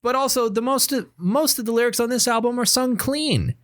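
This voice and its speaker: A man's voice: extremely high pitch, normal speed, fairly bright tone, dry recording, studio quality. A man co-hosting a casual music podcast, rambling with many fillers and restarts. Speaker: podcast co-host. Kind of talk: casual chat.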